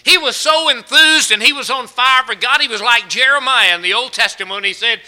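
A man's voice: very high voice, fairly quick, few pauses, sharp tone. A man preaching a sermon to a congregation, mixing scripture with folksy stories and building emphasis. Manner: folksy storytelling with rising emphasis.

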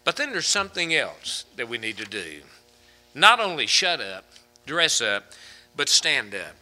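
A man preaching a sermon with humorous anecdotes, swinging from loud emphasis to hushed asides. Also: mid-range voice, big pitch swings, unhurried, faint music behind.

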